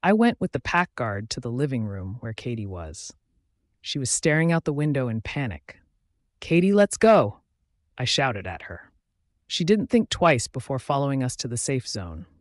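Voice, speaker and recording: A man's voice: mid-range voice, sing-song, moderate pace, no room sound, clean studio sound. Man reading a romance audiobook. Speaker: audiobook narrator. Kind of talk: scripted first-person narration.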